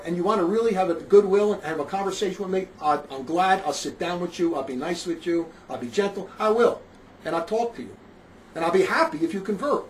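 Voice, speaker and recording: A man with a notably high voice for his sex talks as a street preacher, rambling and emphatic, circling back over his own phrases. He is from northern New Jersey, and his voice swells into loud, forceful bursts. A faint hum of noise sits behind him. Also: low-quality recording. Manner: emphatic, rambling, repeats himself, rises to loud outbursts. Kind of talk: casual spoken monologue.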